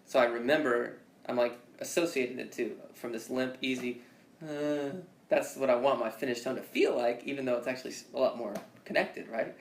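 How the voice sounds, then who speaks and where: A man's voice: medium pitch, a little fast, slight background noise. Guy coaching singing, rambly and swearing a lot, echoey room. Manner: loose, profane, rambling explanations. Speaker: singing teacher. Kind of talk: casual one-on-one voice lesson.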